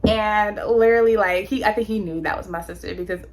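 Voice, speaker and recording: A woman from California telling her own story in a candid, animated, slangy way, as a motivational vlogger on a close mic. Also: medium pitch, fast talker, slight background noise. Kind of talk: personal storytelling, motivational talk.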